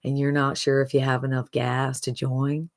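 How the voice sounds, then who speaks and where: A woman imitating a simple, slow-talking country man with a drawn-out delivery. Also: rumbling low, flat delivery, no room sound, clean studio sound. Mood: earnest.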